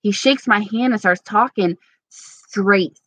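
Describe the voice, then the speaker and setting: A woman's voice: mid-range voice, slow, a bit bright, slightly rough, no room sound. A woman from New York, chatting casually and giggling as she rambles through viewer comments as a beauty vlogger. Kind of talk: casual live chat reading comments.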